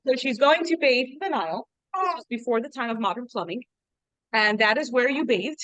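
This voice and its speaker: Woman teacher, high bright voice, chatty, asks the class rhetorical questions. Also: normal speed, no echo. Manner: chatty, lots of "like" fillers, explains with rhetorical questions. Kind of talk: informal lesson.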